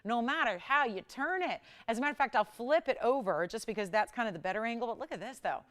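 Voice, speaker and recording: A woman hosting a live shopping channel, chatty and animated as she pitches jewelry and prices. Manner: animated, chatty, sells with rapid price talk. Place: television studio.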